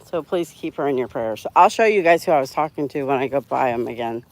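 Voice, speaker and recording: A woman's voice: a bass voice, expressive, brisk, a little mellow, dry recording. A woman hosts a casual livestream, chatting with viewers and reading their comments. She talks outdoors while walking her dogs, rambling and laughing at her own slips. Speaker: livestream host.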